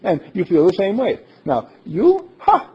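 A man preaching a sermon to his congregation in a playful, animated way, laughing often. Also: sits high, measured pace, slightly rough. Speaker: minister. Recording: dull lo-fi recording.

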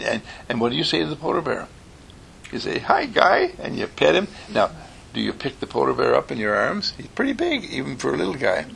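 A man telling an animated, playful bedtime story to children, often clearing his throat. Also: mid-range voice, slight background noise.

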